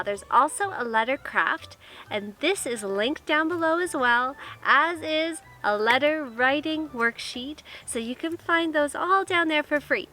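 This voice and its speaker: A woman's voice: sits high, bright, forceful tone. A woman teaching a kindergarten lesson, talking cheerfully and coaxingly straight to young children.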